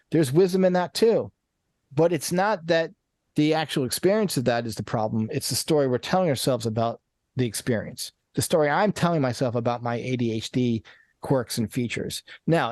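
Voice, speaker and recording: With a voice on the high side and a darkish tone, this man guests on a podcast as a coach. His casual, conversational interview talk is earnest and rambling, full of restarts and repeated words. The recording is dry.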